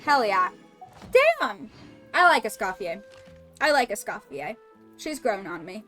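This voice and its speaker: A woman's voice: medium pitch, animated, a little slow, fairly bright tone, faint music behind. A woman streaming a game, chatting casually and goofily with her viewers, swearing and joking. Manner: goofy, swears, riffs with chat. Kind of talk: casual gameplay chat.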